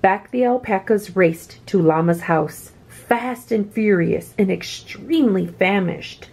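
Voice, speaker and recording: A woman reading a children's picture book aloud with expressive, swooping delivery. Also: mid-range voice, takes it slowly, creaky, breathy edge. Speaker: children's story reader.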